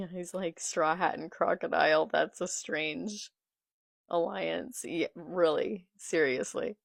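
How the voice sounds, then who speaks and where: A young woman with a lowish, slow, creaky voice reads manga dialogue aloud in a casual reaction video, stopping between lines to comment. She's a manga reaction vlogger filmed on a phone held in portrait, yet the sound is studio quality with no echo.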